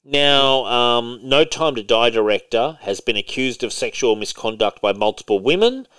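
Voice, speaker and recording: A man's voice: medium pitch, animated, moderate pace, a bit bright, clean tone, no room sound. A man co-hosting a casual podcast chat, rambling with lots of fillers and restarts and swearing freely. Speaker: podcast co-host.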